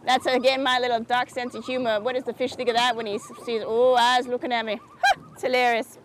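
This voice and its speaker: A woman's voice: on the high side, level tone, fairly quick, very noisy, lightly acted. A woman doing a chirpy, sugary craft-show host. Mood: cheery. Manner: chirpy, folksy and sugary, keeps asking "isn't that sweet". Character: perky, oblivious small-town woman who hosts a craft show. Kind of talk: comedic public-access TV hosting. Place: outdoors by a lake.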